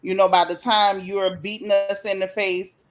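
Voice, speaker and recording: A woman hosting a casual gossip chat, speaking in a relaxed, encouraging way. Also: medium pitch, moderate pace, faint music behind. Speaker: host.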